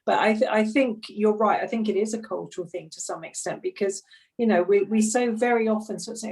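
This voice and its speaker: A woman who runs a grief support group, speaking gently and reflectively in an online group discussion. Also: medium pitch, a little fast. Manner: gentle, reflective, laughs softly between thoughts. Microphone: video call. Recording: distant video call mic.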